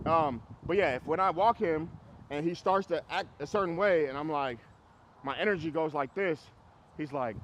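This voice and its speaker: A man's voice: on the high side, moderate pace, a bit bright. A man, a dog trainer, coaching a client on a walk in a blunt, casual way with frequent laughs. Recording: dull audio with clear street noise.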